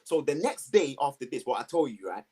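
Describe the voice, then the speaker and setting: A man, telling his story to two hosts in a lively, slangy way, acting out the voices of people around him. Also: medium pitch, a little fast, husky. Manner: animated, slangy storytelling with acted-out quotes. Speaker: guest. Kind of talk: storytelling in a conversation.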